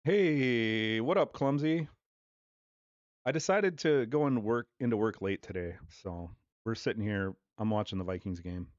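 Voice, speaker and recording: A low-voiced man chats casually on his home livestream, crude and loose, tossing in quick play-by-play. The sound is dull and lo-fi, with a dry, close feel. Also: a little mellow, dry recording. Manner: loose, profane chatter with offhand play-by-play.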